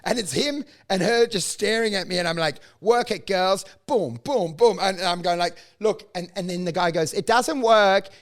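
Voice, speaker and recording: A man's voice: sits high, moderate pace, few pauses. A man telling a story in casual chat, acting out each line he quotes. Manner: animated anecdote teller, acts out quotes.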